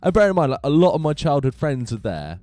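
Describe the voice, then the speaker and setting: A man hosting a casual gaming live stream from his home computer room, chatty and animated, laughing often. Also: on the high side, fast.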